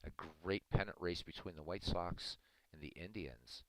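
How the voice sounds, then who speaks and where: A man hosting a livestream, chatting casually with viewers in a relaxed, rambling way. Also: sits low, measured pace, no room sound, poor audio. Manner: relaxed, rambling, chuckling asides. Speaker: livestream host.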